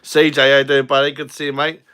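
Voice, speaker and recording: A man's voice: mid-range voice, monotone, quick pace, sharp tone, smooth. A young Englishman hosting a casual live stream, chatting and joking with viewers as he reads their comments. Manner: chatty and jokey, swears casually.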